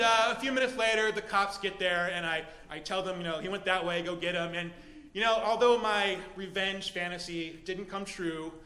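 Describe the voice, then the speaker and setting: Bright-voiced man telling a stage story. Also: high-pitched, slight background noise. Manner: conversational, with many fillers. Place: comedy club stage. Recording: echoey hall with long reverb.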